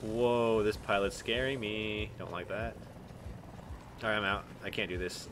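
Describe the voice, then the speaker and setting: A young man from Texas giving live commentary on a shooter game, excitable, swearing and yelling at enemies. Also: lowish voice, normal speed, slight background noise. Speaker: gaming streamer.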